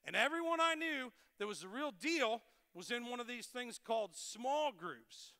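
A middle-aged man, a pastor, preaching a sermon with animated storytelling and playful self-deprecating humor. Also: very high-pitched, normal speed, clean tone, long reverb tail. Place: large church hall.

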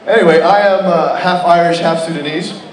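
Playful young stand-up comic in a club. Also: male voice, on the high side, normal speed. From Saudi Arabia. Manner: playful, self-mocking, animated. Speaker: stand-up comedian. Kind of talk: stand-up set. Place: comedy club stage. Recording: roomy club sound from a distance, audience.

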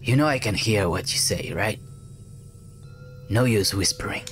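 A man reading a blunt young ninja's dialogue in a flat, terse manner close to his own voice. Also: on the low side, measured pace, slight background noise. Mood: deadpan.

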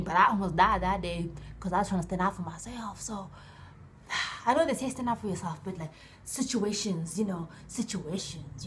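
A young woman vlogger telling a story in a lively way, acting out the dialogue in different voices. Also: medium pitch, slight background noise. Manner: animated, acts out dialogue in voices. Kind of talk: storytime vlog.

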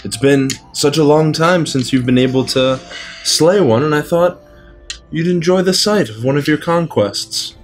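A man's voice: a little high, normal speed, faint music behind. A man in a tabletop game, speaking in character, earnest and often laughing. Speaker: tabletop player.

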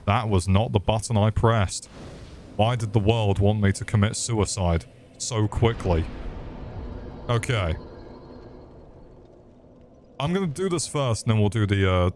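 A man's voice: lowish voice, a little mellow, slight background noise. A young man streaming a video game, cracking crude jokes, swearing freely and calling out to the monsters on screen. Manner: crude, joking, swears a lot and talks to the game's monsters. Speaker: gaming streamer. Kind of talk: casual gameplay commentary.

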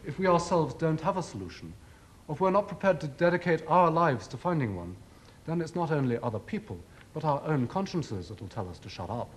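Animated man giving a lecture. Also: on the high side, slight background noise. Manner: measured, rhetorical, ironic emphasis. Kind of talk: formal televised lecture.

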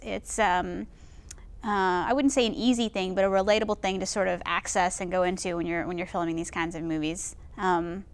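A young woman actress, a guest in a casual interview, speaking in a bubbly way with frequent restarts. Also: medium pitch.

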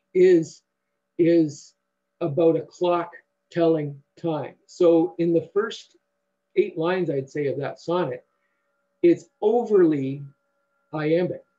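A man giving a university lecture in a halting way, with many fillers and restarts. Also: on the high side, mellow, husky, muffled recording.

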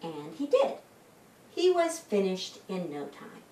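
A woman librarian reading a story to children in a lively sing-song way. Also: medium pitch, slow. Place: library room. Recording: echoey room, mic at a distance.

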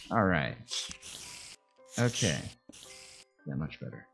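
Guy doing let's play commentary, low voice that jumps all over, slow talker, yelps when stuff attacks him, music behind. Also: creaky, poor audio. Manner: excitable, yelps and groans at in-game threats. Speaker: gameplay commentator.

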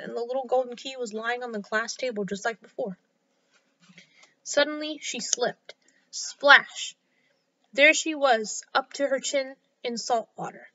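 In a slightly dull, lo-fi recording, a woman with a high, bright voice reads a children's story aloud. Her delivery is clear and expressive.

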